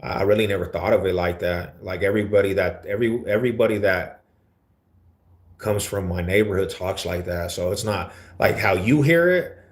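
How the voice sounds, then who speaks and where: Very low-voiced East Denver man, slangy. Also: brisk. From Denver, USA. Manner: laid-back slangy talk, calls people homie and fool. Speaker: livestream host. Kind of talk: casual livestream chat answering viewers.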